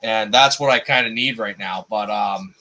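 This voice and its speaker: Low-voiced man hosting a casual live stream. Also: normal speed, bright, forceful tone, a little hiss or hum, low-quality recording. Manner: rambling, repeats words when thinking.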